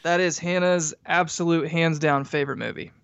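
A man's voice: on the high side, fairly even intonation, moderate pace, gravelly, fairly bright tone, smooth, dry recording, highs cut off. A man co-hosting a casual podcast, chatting and reading out show details. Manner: chatty, reads out show info. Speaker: podcast co-host.

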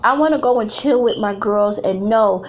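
A woman's voice: medium pitch, normal speed, muffled recording. A middle-aged woman giving an emphatic, blunt talk to other women, mixing slang and preachy repetition.

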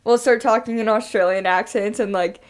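A woman's voice: mid-range voice, fairly even intonation, a little fast. A young woman co-hosting a casual podcast, upbeat, filling her talk with "like". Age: young adult. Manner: upbeat, says "like" a lot. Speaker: podcast co-host.

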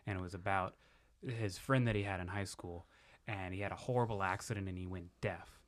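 A man hosting a casual podcast chat, telling a story in a relaxed way with swearing and restarts. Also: sits low, brisk. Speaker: podcast host.

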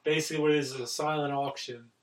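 A man walks through a film's story in an easy, chatty way. His voice sits slightly high. He sounds a bit distant, as if he is turned away from the microphone. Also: fairly even intonation, racing. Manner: recapping plot with fillers. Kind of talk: casual film chat.

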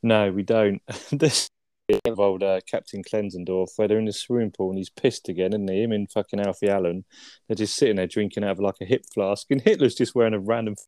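A man's voice: fairly low pitch, steady tone, a little fast, dark tone, dry recording. A man co-hosting a casual film review, laid-back, swearing and tagging his lines with questions. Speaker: podcast co-host.

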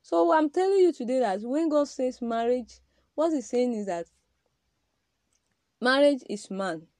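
A woman's voice: sits high, expressive, unhurried, darkish tone, dry recording. A woman giving an emphatic, preaching-style podcast talk on marriage, addressing men directly with repeated rhetorical questions.

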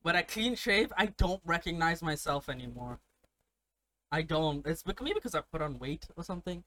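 A man's voice: on the high side, very animated, normal speed, pushed and bright. A young man from India telling stories in casual profane chat, laughing often. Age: young adult.

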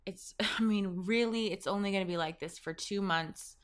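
A woman's voice: medium pitch, normal speed, clear, resonant tone. A woman hosting her own podcast as a pleasure coach, talking casually in a home office, swearing freely and laughing often. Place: home office with a fan running. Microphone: sensitive studio mic up close.

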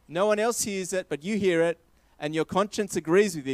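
A man's voice: sits high, animated, normal speed, a little mellow, no room sound. A man preaching a sermon, emphatic and repeating his key phrases.

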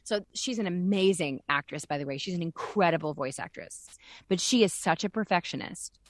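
A woman's voice: fairly low pitch, fairly quick, dry recording. Blunt chatty woman, voice actress. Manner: blunt, chatty, acts out voices and sounds in her stories. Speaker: voice actress and voice director, podcast guest. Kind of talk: candid casual podcast chat.

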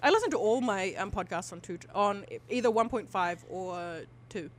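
A woman's voice: medium pitch, animated, normal speed. A woman co-hosting a casual podcast, rambling, swearing freely and using lots of fillers. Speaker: podcast co-host.

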